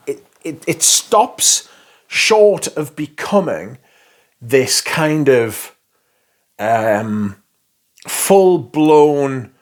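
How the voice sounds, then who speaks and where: Man, casual fragrance chat, sweary, gushing, slow-paced. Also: medium pitch. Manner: enthusiastic, sweary, rambling. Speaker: fragrance reviewer.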